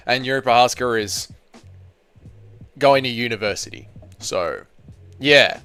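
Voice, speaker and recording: A man's voice: medium pitch, measured pace, pauses often, pushed and bright, clear, resonant tone, dry recording, faint music behind. An Australian man hosting a live stream, reading viewer chat aloud and answering in crude, joking banter. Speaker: channel host.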